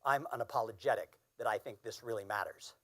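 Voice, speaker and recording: A man's voice: lowish voice, fast, a bit bright. A man in his fifties giving a keynote speech, telling a personal story in an earnest, emphatic way. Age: 50s. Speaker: keynote speaker.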